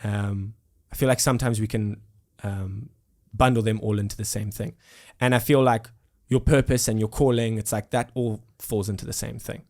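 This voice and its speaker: A man's voice: fairly low pitch, fairly even intonation, normal speed, few pauses, a little mellow. A young man in his twenties with a South African accent, talking earnestly and reflectively in an interview, with many fillers and restarts. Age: 20s. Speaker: musician guest. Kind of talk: casual interview conversation.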